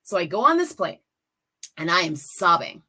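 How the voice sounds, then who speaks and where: A woman's voice: on the low side, very animated, moderate pace, bright, forceful tone. A woman in her forties, a guest speaker on a campaign call, telling a personal story with emotion and rallying her listeners directly. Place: lives in the US Midwest.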